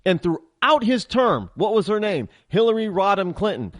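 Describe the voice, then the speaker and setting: A man's voice: high voice, very animated, moderate pace, no room sound, studio quality. A man hosting a political talk show, ranting heatedly in a monologue and often stammering and restarting.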